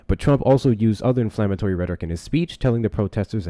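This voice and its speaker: A man's voice: lowish voice, big pitch swings, fast talker, vocal fry, few pauses, mellow. A young man hosting a live stream, reading articles aloud and reacting with profane, sarcastic commentary.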